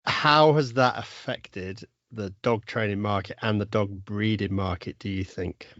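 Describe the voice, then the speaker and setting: A man hosting a podcast, asking steady questions and adding brief agreement. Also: fairly low pitch, unhurried, no echo, muffled recording. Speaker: podcast host. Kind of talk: interviewing.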